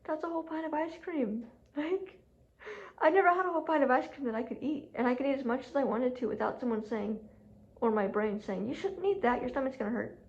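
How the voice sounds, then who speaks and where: A woman's voice: high-pitched, fairly quick. Chatty young-sounding woman, lo-fi home recording. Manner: chatty, heavy use of "like", laughs often. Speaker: vlogger. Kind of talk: casual storytelling vlog. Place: home room with furnace running.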